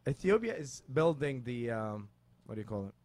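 A man's voice: mid-range voice, sing-song, moderate pace, a little mellow, no room sound. A middle-aged man from the Middle East with a Middle Eastern accent, hosting a casual comedy chat, rambling playfully with lots of fillers. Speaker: podcast host.

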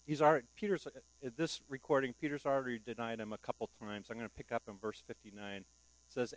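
A man's voice: medium pitch, steady tone, brisk, no room sound, low-quality recording. Conversational male pastor preaching. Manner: conversational preaching with rhetorical questions. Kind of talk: sermon. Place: church.

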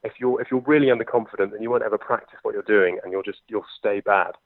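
Young man, London accent, fast chatty talker, tinny phone-line sound. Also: lowish voice, no echo. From England. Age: 20s. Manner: quick, chatty, lots of fillers. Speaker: impressionist and comedian. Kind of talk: conversational interview.

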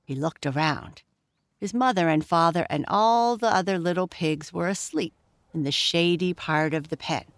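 A woman reading a children's story aloud in a gentle, expressive storytelling manner. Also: lowish voice, normal speed, dry recording. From Prince Edward Island, Canada.

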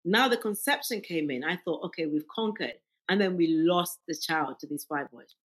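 Husky-voiced woman giving fervent testimony. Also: fairly low pitch, lively intonation, moderate pace, rough recording. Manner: fervent, emphatic storytelling. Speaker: guest. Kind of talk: faith testimony in podcast interview.

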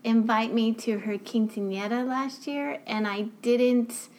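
A woman's voice: on the high side, a little slow, a little mellow. A woman kindergarten teacher chatting casually on a podcast, hesitant and self-deprecating. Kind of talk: casual chat.

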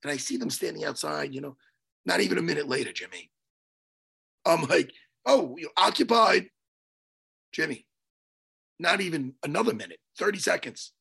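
A man telling a story on a podcast in a casual, animated way, swearing and loudly acting out what people said. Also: fairly high pitch, fairly quick, gravelly, pauses often, slightly rough. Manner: animated, swearing, acts out his own quotes loudly. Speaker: podcast co-host.

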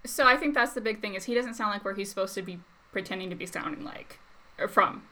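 Chatty woman with a bright voice. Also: mid-range voice, quick pace. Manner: chatty, with many fillers and laughs. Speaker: guest commentator. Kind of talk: casual chat.

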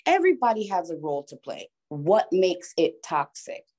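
A woman with a somewhat low voice talks in a relaxed conversational way. She drives home each point by repeating words with emphasis. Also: normal speed, poor audio. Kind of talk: casual chat.

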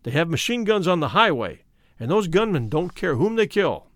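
A man's voice: on the high side, big pitch swings, moderate pace, a bit bright, dry recording, clean studio sound. A man voicing a grim railway brakeman who gives an earnest warning in a storybook reading.

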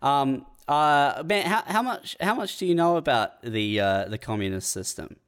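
A man with a slightly raised pitch rambles through a sarcastic rant in casual comedic chat. He swears and slips into mock quotes. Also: expressive, normal speed, fairly bright tone, smooth.

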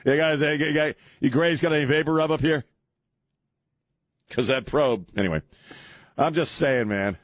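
Husky-voiced, joking male talk radio host. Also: fairly high pitch, moderate pace, long pauses, dry recording. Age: middle-aged. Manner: joking, rambling, laughs often. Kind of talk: casual comedic talk radio.

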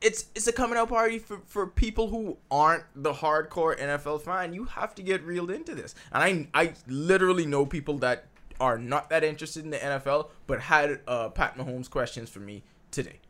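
A man hosting casual sports talk, excitable and emphatic, often cutting in over others. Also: on the high side, fairly quick.

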